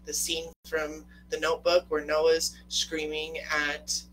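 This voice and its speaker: A woman's voice: low voice, monotone, slow, hardly any pauses, background noise. A young woman coach talking casually on a live stream, chatty and emphatic and swearing freely.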